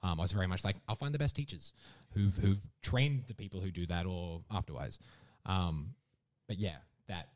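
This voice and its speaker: Young Australian man, mild accent, lower voice, animated storyteller who acts out quotes. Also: moderate pace, hardly any pauses. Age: 20s. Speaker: guest performer. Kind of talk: casual interview storytelling.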